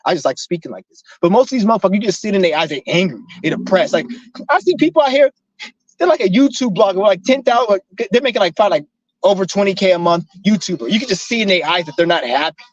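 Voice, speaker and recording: A man with a slightly high voice rants at a rapid clip, rambling and swearing as he preaches to his viewers. The recording is dull and lo-fi, with a dry sound and no room echo. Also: animated. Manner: profane, rambling, emphatic. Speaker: vlogger preaching breatharianism. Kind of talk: casual rant to camera.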